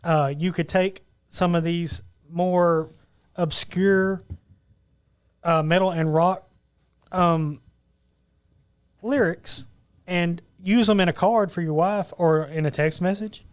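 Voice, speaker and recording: A man co-hosting a casual studio podcast, rambling and reciting lyrics slowly. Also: sits high, steady tone, clear, resonant tone. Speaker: podcast co-host.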